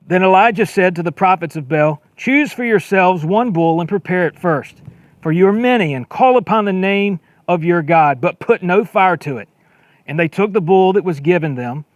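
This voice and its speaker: A man preaching a sermon as pastor, reading scripture aloud and retelling it in a conversational way, repeating words as he gets excited and acting out quoted lines. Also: high voice, dry recording. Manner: acts out quoted lines with a raised voice.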